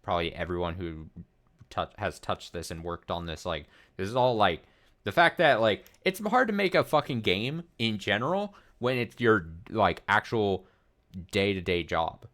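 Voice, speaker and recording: A man's voice: fairly low pitch, expressive, normal speed, fairly bright tone. A man in his thirties giving rambling, profane let's play commentary full of fillers and restarts. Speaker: streamer.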